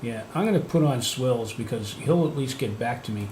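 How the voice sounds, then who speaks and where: An animated Canadian host with a mid-range, darkish voice talks at normal speed during a casual livestream, rambling, teasing himself, and often restarting amid lots of fillers. There's echo in the room and faint noise behind him.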